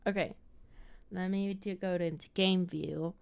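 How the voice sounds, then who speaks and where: A woman's voice: lowish voice, fairly even intonation, measured pace, creaky, clear, resonant tone. A woman hosting a casual movie chat, giggly and rambling as she thinks aloud. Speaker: host.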